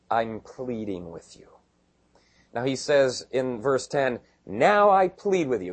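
A male pastor preaching a sermon in a conversational way, dropping quiet and then rising to emphatic bursts. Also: medium pitch, husky.

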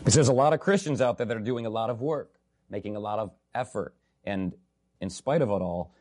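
A man's voice: fairly low pitch, a little fast, darkish tone. A man preaching a sermon earnestly and emphatically, repeating key phrases and slipping in humorous asides.

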